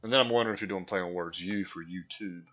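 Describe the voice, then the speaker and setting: A man's voice: low-pitched, quick pace, fairly bright tone, faint music behind. A man live-streaming a video game, chatting casually and answering viewers from chat.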